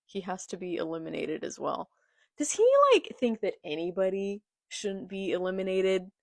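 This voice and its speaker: Filmed in portrait on a phone, a young woman reacts casually to a manga, voicing its dialogue and chiming in with commentary between the lines. Her voice sits on the low side, level and at normal speed, with vocal fry and a slightly mellow quality. She's a manga reaction vlogger, and the sound is clean and studio-like with no room sound.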